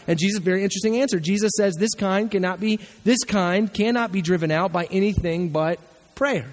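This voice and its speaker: A man's voice: sits high, fairly quick, big-room sound. A male pastor preaching a sermon, telling the story with animation and acting out the voices of the people in it.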